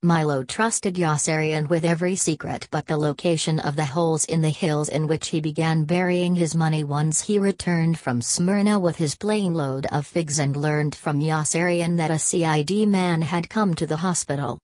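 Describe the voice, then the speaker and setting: A woman narrating a novel as an audiobook, in an even, measured reading. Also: sits low, no echo.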